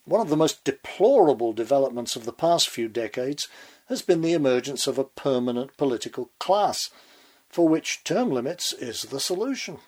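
A man's voice: medium pitch, animated, moderate pace, darkish tone, breathy edge. A man delivering a scripted political commentary monologue with sardonic, sarcastic asides.

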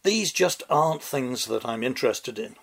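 A man delivering scripted satirical commentary in a dry, deliberate, sardonic manner. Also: mid-range voice, expressive, gravelly, slightly rough. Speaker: commentary host.

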